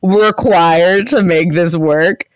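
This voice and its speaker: A young woman in casual chat, making animated, indignant comments. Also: fairly low pitch, takes it slowly, slight background noise. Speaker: podcast co-host.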